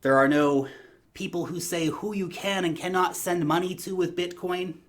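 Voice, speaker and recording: A man's voice: high-pitched, steady tone, moderate pace. A man giving emphatic, opinionated vlog commentary, rallying his viewers and calling them "guys". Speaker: crypto vlogger.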